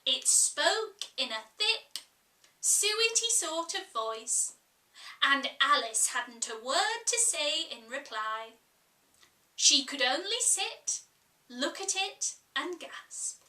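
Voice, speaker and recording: Bright, slow, expressive woman storyteller. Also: high-pitched, far from the mic. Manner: expressive, measured. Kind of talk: reading a classic children's story aloud. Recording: echoey room, voice off-mic.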